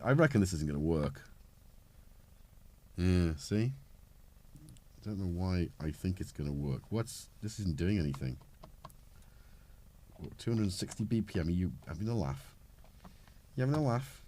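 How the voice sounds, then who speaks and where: A man's voice: fairly low pitch, big pitch swings, measured pace, long pauses, warm tone. Rambling man with a cold. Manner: rambling, self-mocking, talks while tinkering. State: has a cold. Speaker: livestream host. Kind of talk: casual live-stream chat.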